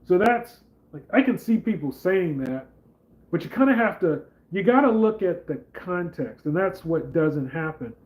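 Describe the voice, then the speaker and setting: A man's voice: high voice, lively intonation, normal speed, a little mellow, rough recording. A man hosting a casual political commentary vlog, talking in a rambling, conversational way with lots of fillers. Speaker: channel host.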